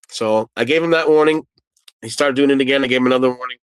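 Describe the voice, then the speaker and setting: A man's voice: mid-range voice, quick pace, clear, resonant tone, no room sound, rough recording. Man telling a nightclub bouncer story. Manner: animated retelling with quoted dialogue and repeated phrases. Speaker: former nightclub doorman. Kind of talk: casual spoken storytelling.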